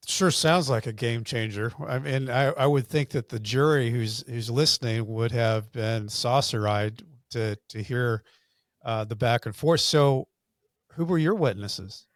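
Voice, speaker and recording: A man's voice: medium pitch, unhurried, no echo. Male interviewer, dry close sound. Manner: reactive, interjecting short affirmations. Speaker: podcast host.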